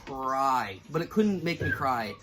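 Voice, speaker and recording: Loud music plays behind a medium-pitched male voice that swings widely in pitch and moves at a slow pace. The YouTuber, in his twenties, rambles emotionally through a casual vlog ranking cartoon moments, fighting back tears now and then.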